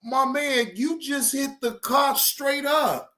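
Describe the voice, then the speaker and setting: Loud high-voiced man reacting to clips. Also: takes it slowly, very noisy. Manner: loud, exclaiming, slangy. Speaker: reaction video host. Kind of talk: casual commentary over clips.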